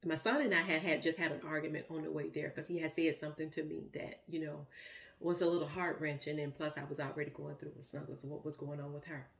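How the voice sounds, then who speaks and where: A woman's voice: low voice, fairly even intonation, quick pace, vocal fry, fairly bright tone. A middle-aged woman, telling a heartfelt personal story in a rambling, emotional way with many fillers. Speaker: vlogger.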